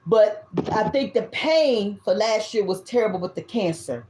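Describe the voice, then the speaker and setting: A woman in her fifties with a Southern US accent, giving a tarot reading in loud, blunt, casual talk and swearing freely. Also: mid-range voice, lively intonation, moderate pace. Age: 50s. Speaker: tarot reader. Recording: echoey room.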